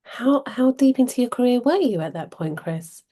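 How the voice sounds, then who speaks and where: A woman's voice: on the high side, lively intonation, normal speed, warm tone. A woman co-hosting a podcast, prompting her guest with short questions. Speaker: podcast co-host. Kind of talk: podcast interview.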